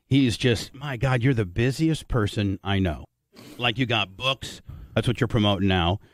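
A man's voice: lowish voice, moderate pace, no echo, studio quality. A middle-aged man hosting a radio interview, with chummy, jokey banter. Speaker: radio host. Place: radio studio. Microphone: studio mic.

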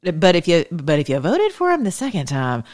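A woman's voice: lowish voice, wildly swooping pitch, normal speed, darkish tone. A woman giving an opinionated, chatty monologue to her followers, emphatic and sarcastic. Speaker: political commentator.

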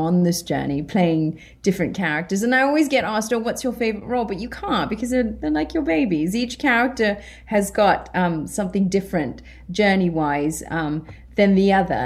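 A woman with a British accent, a guest actress chatting in an interview, animated and quick to laugh as she acts out what people said. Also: lowish voice. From Britain. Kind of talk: casual interview chat.

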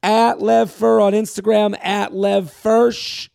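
A comedian hosting his podcast in a high, gravelly voice. He rambles through casual chat, cracks crude jokes and plugs his shows. The sound is dry and close. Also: level tone, slow, a little mellow, no room sound. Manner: rambling, crude joking, self-promoting.

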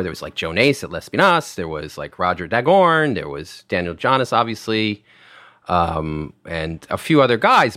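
A middle-aged man with a deep, low-pitched voice spins a long anecdote, circling back with fillers and restarts. The sound is dry and close, with no room around him. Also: dry recording. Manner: rambling, animated anecdotes with many fillers and restarts. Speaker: wine director telling restaurant stories. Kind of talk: casual podcast storytelling.

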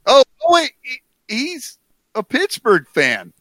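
Lively, bright-voiced male co-host. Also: very high voice, slow, no room sound. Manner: excitable, profane, laughing. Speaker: podcast co-host. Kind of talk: casual chat.

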